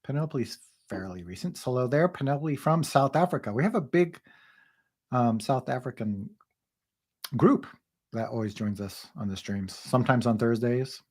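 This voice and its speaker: A man's voice: mid-range voice, normal speed, darkish tone, husky. Man, casual livestream host, reads chat comments aloud, laughs often, friendly chatter.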